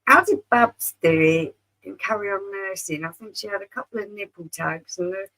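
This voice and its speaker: A woman's voice: medium pitch, moderate pace, sharp tone, low-quality recording. A woman joining a casual livestream chat over beers, chatty and joking.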